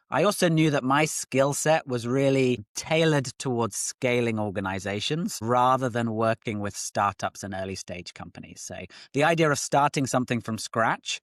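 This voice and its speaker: A man's voice: medium pitch, expressive, brisk, a bit bright, dry recording. Articulate British man, dry sound. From United Kingdom. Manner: articulate, structured explanations. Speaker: guest entrepreneur. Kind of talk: podcast interview.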